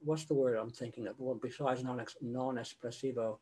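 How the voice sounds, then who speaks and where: A man's voice: mid-range voice, steady tone, brisk, a little mellow, breathy edge. An older man, a choral conductor, giving a conversational lecture over a video call and breaking into sung example phrases. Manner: conversational, sings example phrases mid-explanation.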